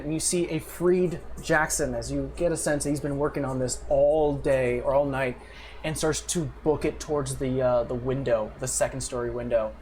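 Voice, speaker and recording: A man's voice: on the high side, darkish tone. Man narrating as game master. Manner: descriptive, with frequent fillers and restarts. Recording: faint background noise.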